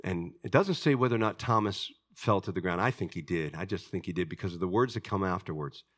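A man preaching a sermon, swinging from loud, high outbursts to hushed, low passages and acting out the voices of people in his stories. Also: fast. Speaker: pastor.

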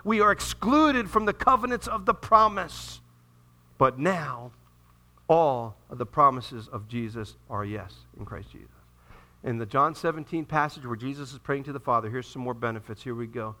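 A man pastor preaching a sermon in a church, swinging between loud emphatic peaks and quiet, hushed appeals. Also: mid-range voice, lively intonation, moderate pace. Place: church sanctuary.

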